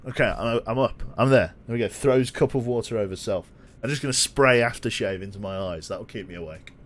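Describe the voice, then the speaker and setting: A young British man with a lowish voice, talking a little fast over a faint hiss or hum, streams a train game live. He's playful and self-mocking, teasing his viewers, yawning and laughing at chat.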